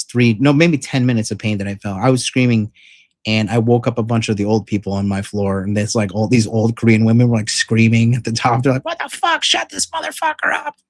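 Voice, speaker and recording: Low-voiced man ranting through a profane story. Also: darkish tone, no echo. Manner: rambling, profane, filler-heavy retelling; frank and emphatic. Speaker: vlogger. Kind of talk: casual storytelling vlog.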